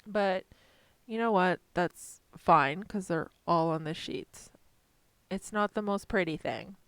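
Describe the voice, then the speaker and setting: A woman chatting casually on a live stream while designing stickers, self-deprecating and talking to her software as she works. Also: on the low side, slow pace, smooth, dry recording.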